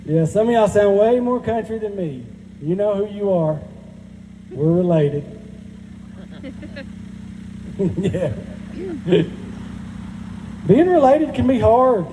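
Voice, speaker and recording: A man's voice: high voice, lively intonation, takes it slowly, long pauses, warm tone, slight background noise. A man in his forties with a Southern Georgia drawl doing a self-deprecating, crude stand-up set at a live benefit, recorded in a reverberant hall. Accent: Southern US, rural Georgia. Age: 40s. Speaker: stand-up comedian. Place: stage at a live benefit event.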